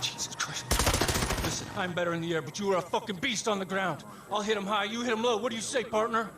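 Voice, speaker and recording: A man voicing an excitable, boisterous bush pilot who swears freely, in video game dialogue. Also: sits high, quick pace, very noisy, natural voice. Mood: excited.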